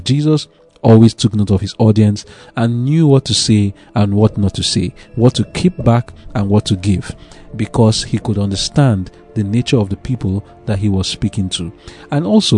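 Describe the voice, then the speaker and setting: Mellow, husky man teaching scripture. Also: lowish voice. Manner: explains scripture plainly, asks rhetorical questions. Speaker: preacher. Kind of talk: devotional Bible teaching.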